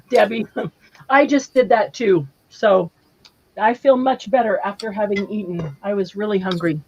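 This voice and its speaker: A woman's voice: mid-range voice, unhurried, long pauses, a little mellow, slightly rough. Woman livestream host, friendly chatter over a dull stream feed. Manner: chatty, talks while eating. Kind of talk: casual chat reading viewer comments.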